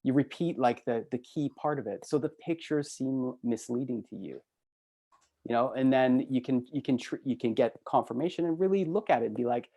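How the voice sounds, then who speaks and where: A man telling a story as a guest in an interview, in a casual, animated way and laughing easily. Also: medium pitch, fairly quick. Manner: animated, acts out the people in his stories. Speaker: hotel expert and entrepreneur, guest.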